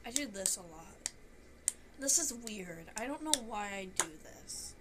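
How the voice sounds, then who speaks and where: A woman's voice: medium pitch, lively intonation, a little slow, very noisy. A young woman with a Southern accent, streaming and chatting casually, rambling and swearing, with some phlegm in her throat. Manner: rambling, swears often, self-deprecating.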